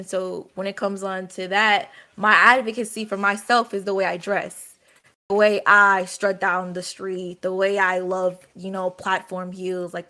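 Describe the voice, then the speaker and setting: A woman speaking earnestly in a casual group conversation, halting with many fillers. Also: mid-range voice, pushed and bright. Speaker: guest.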